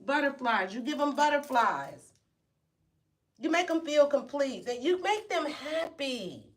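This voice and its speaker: A woman's voice: sits high, expressive, measured pace. A woman giving a casual tarot reading to camera, playful and brash, swearing and acting out reactions. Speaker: tarot reader.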